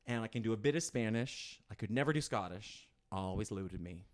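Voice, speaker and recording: Man, live-show guest, animated, tangent-prone storyteller, laughs often. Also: mid-range voice, fast, few pauses. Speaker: guest performer. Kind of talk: casual chat on a live stream.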